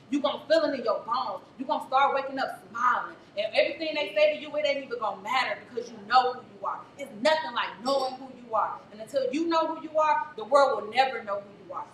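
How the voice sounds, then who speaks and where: A woman's voice: sits high, a bit bright. A woman therapist, giving an emphatic, preachy motivational talk to a live audience. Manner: preachy, emphatic, faith-infused encouragement. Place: event venue before a crowd. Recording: echoey room from far off, faint noise.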